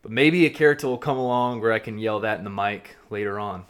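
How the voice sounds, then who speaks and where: A man co-hosting a podcast in casual chat, spinning excited fan theories in a blunt, profane way. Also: lowish voice, quick pace, clean tone. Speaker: podcast co-host.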